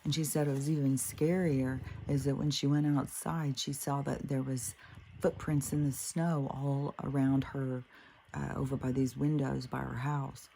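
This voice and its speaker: Middle-aged woman host, dark mellow voice with faint background hum, blunt and profane in a rambling chat. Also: very deep voice, level tone, a little slow, creaky. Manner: blunt, swears freely, trails off with fillers. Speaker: spiritual podcast host. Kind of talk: casual storytelling monologue.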